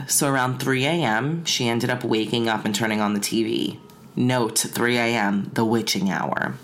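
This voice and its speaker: A woman's voice: rumbling low, a little hiss or hum. A woman casually telling a spooky story on a podcast, chatty and full of "like" fillers.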